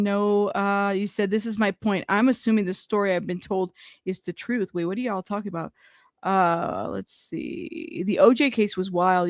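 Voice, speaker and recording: A woman's voice: medium pitch, a bit bright, dry recording, studio quality. A woman hosting a live stream, chatting casually, reading viewer comments aloud, laughing, and swearing as she reacts.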